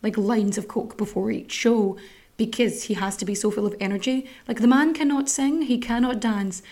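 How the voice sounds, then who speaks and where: A woman's voice: fairly high pitch, moderate pace, warm tone. An Irish woman hosting a podcast, chatting candidly and swearing freely. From Ireland. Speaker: podcast host. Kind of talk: casual chat.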